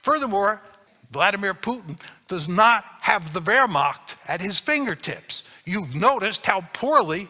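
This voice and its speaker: A man's voice: high voice, animated, unhurried, sharp tone, big-room sound. A man giving a public lecture, arguing his points emphatically and repeating key phrases for stress.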